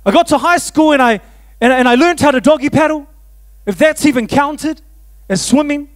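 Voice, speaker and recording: High-voiced New pastor. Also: male voice, normal speed. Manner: animated, self-mocking, laughs often. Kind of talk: storytelling sermon.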